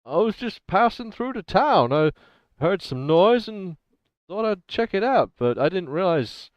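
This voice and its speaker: A man's voice: high voice, big pitch swings, a little slow, dry recording, pitched above the performer's own voice. A man voicing a wary male wasteland trader in a put-on southern American drawl, folksy and rambling, on slightly muffled podcast audio.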